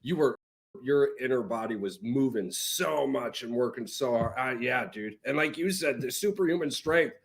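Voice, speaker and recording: A man's voice: mid-range voice, animated, moderate pace, gravelly. A man hosting a podcast in casual chat, reacting emphatically and swearing casually. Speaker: podcast host.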